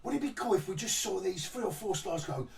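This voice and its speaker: A man's voice: high voice, lively intonation, a little fast, gravelly, darkish tone, distant mic, slight background noise. A man ranting sarcastically in a casual TV review vlog, rambling and mocking the show. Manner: mocking, rambling, restarts often, laughs at the show. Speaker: TV review vlogger.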